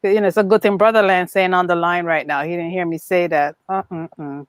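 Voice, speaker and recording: A woman's voice: on the low side, steady tone, a little fast, clear, resonant tone, no room sound. A woman co-hosting a casual livestream chat, playful, laughing often and greeting viewers by name. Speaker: livestream co-host.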